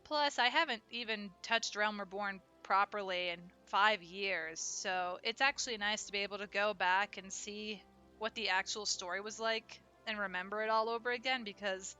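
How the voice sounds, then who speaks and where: Bright girl streamer rambling to chat, lil music underneath. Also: medium pitch, normal speed, clear, resonant tone. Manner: chatty, rambling, friendly to chat. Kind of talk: casual live-stream chat.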